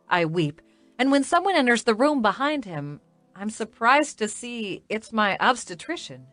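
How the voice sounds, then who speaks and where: Slow-reading woman audiobook narrator. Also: on the high side, sing-song, a bit bright, dry recording, soft background music. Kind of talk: scripted first-person romance narration.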